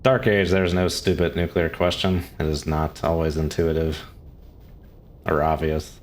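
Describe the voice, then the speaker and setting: A man's voice: a bass voice, flat delivery, a little slow. A man streaming a game, chatting casually and answering chat questions, with frequent chuckles. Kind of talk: casual live-stream commentary.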